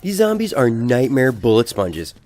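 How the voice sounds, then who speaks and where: A man's voice: mid-range voice, normal speed. A man giving a comedic, profane game review voice-over. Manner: profane, animated.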